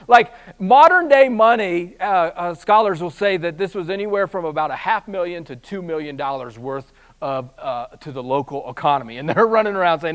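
A man with a high-pitched voice preaches a sermon. He swings from soft, slow passages into loud, rapid bursts and tells the story with joking asides. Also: clean tone. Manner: swings from near-hushed, slow delivery to loud, fast preaching; animated storytelling with humorous asides. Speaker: pastor.

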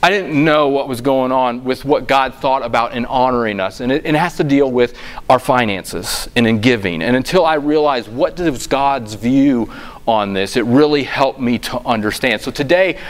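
A middle-aged man, a pastor giving a sermon, telling stories in a lively, conversational way. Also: medium pitch, normal speed. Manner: storytelling, animated and conversational.

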